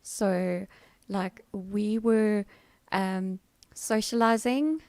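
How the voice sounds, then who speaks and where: A woman's voice: medium pitch, steady tone, drawn-out words, a little mellow, no echo. A middle-aged woman, hosting a casual livestream chat, rambling and laughing with fillers. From South Africa. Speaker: livestream host.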